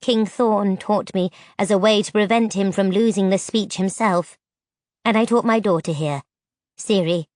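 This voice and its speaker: A woman's voice: medium pitch, normal speed, darkish tone, no echo, clean studio sound, natural voice. A woman voicing a solemn male creature covered in grass, who speaks formally and measuredly, in a fantasy audiobook. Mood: grateful.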